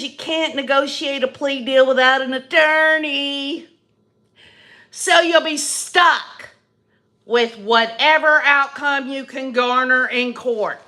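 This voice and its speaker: A woman's voice: sits high, sharp tone. A woman hosting her own channel, delivering a mocking, sarcastic comedy monologue in character with crude asides. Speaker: host of a satirical channel.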